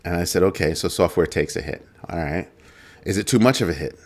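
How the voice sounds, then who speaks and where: A man's voice: sits low, animated, a little fast, darkish tone. A man hosting a casual talk show, telling a story and mimicking a coworker with emphatic asides. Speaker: host. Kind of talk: casual chat.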